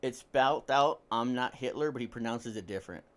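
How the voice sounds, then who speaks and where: A young man on a podcast, building a comic story idea out loud in a loose, profane ramble. His voice sits in an ordinary middle pitch. He laughs often at his own jokes. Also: brisk. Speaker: podcast co-host. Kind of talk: casual chat.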